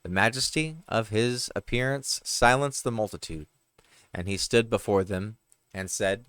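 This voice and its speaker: A man reading parables aloud, unhurried, with the odd slip and correction. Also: on the low side, fairly bright tone, smooth, no room sound. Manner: unhurried, with occasional slips. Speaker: reader.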